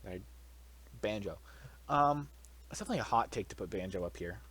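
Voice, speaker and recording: Animated young man, blunt and sweary. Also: lowish voice, a little fast, breathy edge. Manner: blunt, swears freely, animated incredulous outbursts. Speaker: commentator. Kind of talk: casual solo commentary.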